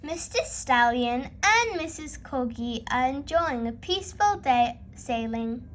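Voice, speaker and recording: Woman storyteller for preschoolers, high lively voice, unhurried read-aloud. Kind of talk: children's read-aloud narration.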